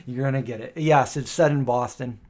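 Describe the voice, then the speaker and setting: A man's voice: mid-range voice, darkish tone. A man hosting a live stream, chatting casually with viewers and correcting himself as he goes with plenty of ums. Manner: chatty, rambling, lots of um and self-correction.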